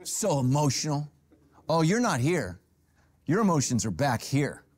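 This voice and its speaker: A middle-aged man preaches from a church stage with a golf cart beside him. His voice sits a little high and swings widely. He moves through funny asides and sudden pitch jumps as he tells his stories. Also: normal speed. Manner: animated storytelling with humor and sudden pitch jumps. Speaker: pastor. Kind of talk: sermon.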